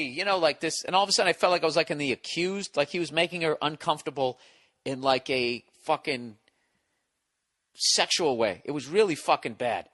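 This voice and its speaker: A man telling a comic story as a podcast guest, animated, blunt and full of swearing. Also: on the high side.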